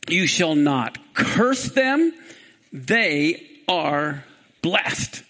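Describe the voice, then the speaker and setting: Preacher doing God: stern, deliberate, slow and low, commanding. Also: male voice, sing-song, bright, forceful tone, full character voice. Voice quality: slow, grave and measured. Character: solemn commanding God speaking from on high.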